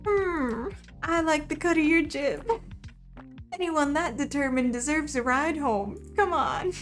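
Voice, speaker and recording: A woman's voice: high-pitched, expressive, measured pace, soft background music, pitched above the performer's own voice. A woman voicing a stern older female sparrow who rides a scooter, with a put-on Southern US drawl. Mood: gruff.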